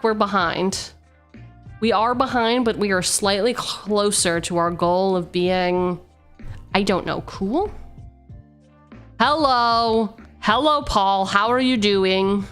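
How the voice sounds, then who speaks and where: A young woman hosts a casual card-opening stream, playful and chatty as she reads card text aloud and banters with chat. Her pitch sits mid-range for a woman, with faint music underneath. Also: a bit bright.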